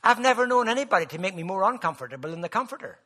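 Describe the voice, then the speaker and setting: A man preaching a sermon, moving from quiet storytelling to loud, emphatic exhortation. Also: sits high, animated, rapid-fire.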